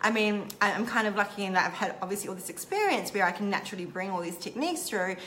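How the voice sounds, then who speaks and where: Candid woman coach, mid-range voice, halting heartfelt storyteller with a faint hiss behind. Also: mid-range voice, expressive, fairly bright tone. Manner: halting, many "um" and "like" restarts. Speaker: intimacy coach. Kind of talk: personal storytelling to camera.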